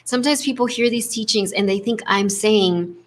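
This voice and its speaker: A woman hosting a spiritual leadership coaching talk, speaking in a gentle, affirming way with a constant "right?" tag and acting out inner voices. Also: medium pitch, moderate pace. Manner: acts out inner voices with shifts in tone.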